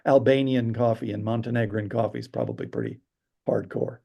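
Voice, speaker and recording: Brief: male podcast guest, dark gravelly voice, animated raconteur. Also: mid-range voice, fairly quick. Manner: lively storyteller acting out quotes. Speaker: storyteller guest. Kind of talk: animated anecdote telling.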